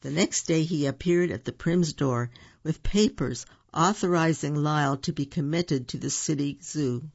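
A reader telling a picture book aloud at an unhurried pace, adding asides about the pictures. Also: medium pitch, vocal fry, dull audio. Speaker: storybook reader.

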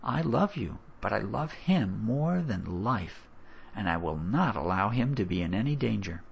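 A man voicing an anxious, protective mother who speaks in sharp whispers. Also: on the low side, very animated, measured pace, creaky, husky, muffled recording, full character voice. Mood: tense. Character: boy's mother, protective and tense woman.

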